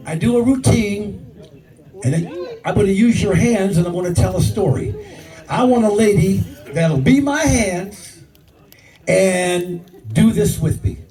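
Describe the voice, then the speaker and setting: An older man works a club crowd in a stand-up set, crude and brash. His voice runs high and swings up and down a lot. He sounds far from the mic, and a loud audience laughs behind him. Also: lively intonation, a little slow, pauses often. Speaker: stand-up comedian. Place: live comedy club.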